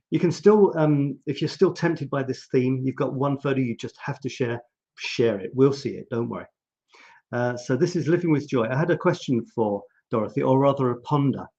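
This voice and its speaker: A man's voice: mid-range voice, mellow, dull audio. A man casually hosting a live photography stream, musing aloud and talking straight to his viewers. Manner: chatty, musing, talks to viewers directly. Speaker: host of a live photography show.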